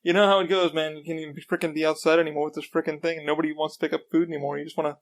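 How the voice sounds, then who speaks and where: A man hosting a podcast, chatting casually and rambling through excitable stories. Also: fairly high pitch, racing. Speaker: podcast host. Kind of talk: casual chat.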